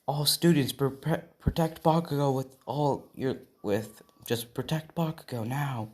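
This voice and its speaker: A man's voice: mid-range voice, measured pace, a little mellow, pitched above the performer's own voice, lightly acted. A man voicing an earnest adult male hero in a fan-made story, speaking plainly. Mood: urgent.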